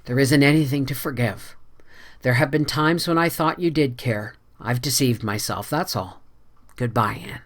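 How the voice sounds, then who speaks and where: A reader voicing an earnest young man in an audiobook, speaking quietly and steadily. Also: medium pitch, normal speed, lightly acted. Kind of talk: audiobook character voice.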